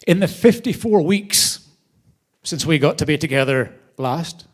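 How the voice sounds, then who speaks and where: A man hosting a charity event, speaking to a live audience from a theater stage in a lively, storytelling way. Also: a little high, a little slow. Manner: animated storyteller, varied loudness. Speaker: charity host.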